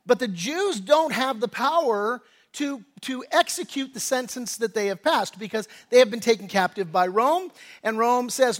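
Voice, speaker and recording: A man's voice: very high-pitched, animated, normal speed, a bit bright. A man preaching a sermon as pastor, talking conversationally with frequent restarts and acting out quoted lines in a casual voice. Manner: acts out quoted speech in a casual voice.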